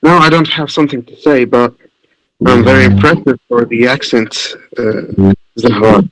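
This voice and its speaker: A man on an online workshop over a video call, effusive with praise and halting, repeating himself. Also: medium pitch, a bit bright, dry recording, low-quality recording. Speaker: workshop participant.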